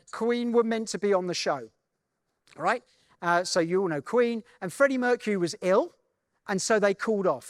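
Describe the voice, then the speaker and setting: A man's voice: sits high, no room sound, studio quality. A man giving a conference keynote, telling a story in a conversational way and often checking in with the audience. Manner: conversational, keeps checking in with "right?". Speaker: keynote speaker. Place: conference main stage.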